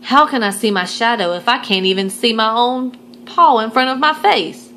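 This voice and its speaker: A woman's voice: on the high side, moderate pace, fairly bright tone, a little hiss or hum, lightly acted. A woman reading a picture book aloud, voicing a nervous, sleepy young male groundhog twin who mumbles and worries. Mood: worried.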